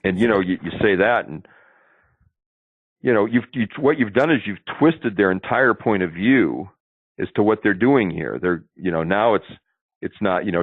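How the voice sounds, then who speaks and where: A man's voice: fairly low pitch, lively intonation, moderate pace, no room sound. A man giving sales advice in an interview, chatty and explanatory, often checking in with "see?". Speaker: sales trainer, interview guest. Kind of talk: instructive interview talk. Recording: tinny phone line.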